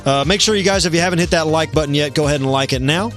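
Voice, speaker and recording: A man hosting a livestream comedy show, rambling and deadpan, contradicting himself as he goes. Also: on the high side, racing, faint music behind.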